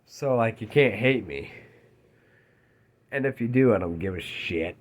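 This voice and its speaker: Excitable man with a lively pitch. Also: a little slow. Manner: excitable, swears freely, laughs mid-sentence. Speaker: movie reviewer. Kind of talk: casual spoiler-filled movie rant.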